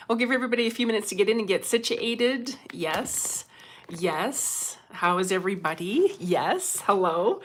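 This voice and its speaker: A middle-aged woman, hosting a casual livestream as a medium, chatty and quick to laugh, greeting viewers by name. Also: mid-range voice, expressive.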